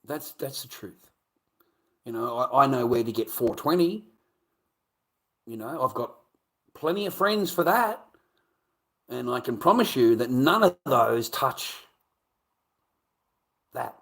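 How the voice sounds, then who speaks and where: A man streaming live, rambling through a story with heavy swearing and animated bursts. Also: medium pitch, slow, gravelly, pauses often. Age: adult. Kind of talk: casual livestream storytelling.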